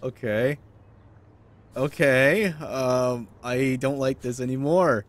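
A gaming video host with a mid-range voice speaks slowly while doing let's play commentary. As he plays, he mutters and swears in frustration.

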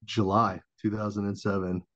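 Brief: man, 30s, low voice, animated swearing storyteller, dull lo-fi dry podcast sound. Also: normal speed, no room sound. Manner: profane, animated, acts out quoted voices, laughs often. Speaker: podcast guest, Marine veteran and former Navy corpsman. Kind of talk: casual storytelling.

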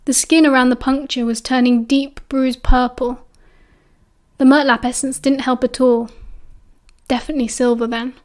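High-voiced British woman reading aloud. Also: flat delivery, moderate pace. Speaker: audiobook narrator. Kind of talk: audiobook narration.

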